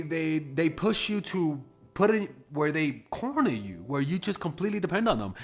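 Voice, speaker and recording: A dating coach delivers a monologue of blunt, casual dating advice in a medium-pitched voice. He swears freely and raises his voice when acting out quoted exchanges.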